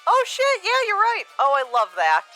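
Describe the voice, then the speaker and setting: Chatty female streamer, bright and animated, salty language, faint music behind. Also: sits high, normal speed, low-quality recording. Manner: chatty, swears, laughs often. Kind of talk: casual gaming stream chat.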